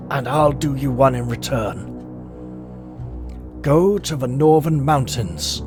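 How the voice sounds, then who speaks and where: A man voicing a dying male captive in a gamebook adventure, speaking weakly and wryly between fading breaths. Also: medium pitch. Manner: weak, fading speech with wry humor. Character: dying male captive, weak, grateful, wry.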